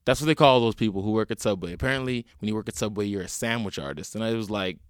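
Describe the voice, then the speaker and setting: A man's voice: fairly low pitch, fast talker, smooth, dry recording. Man, podcast host, stand-up comic, casual monologue, wry storytelling, dry close sound. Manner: animated storytelling, acts out quoted voices. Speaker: stand-up comedian.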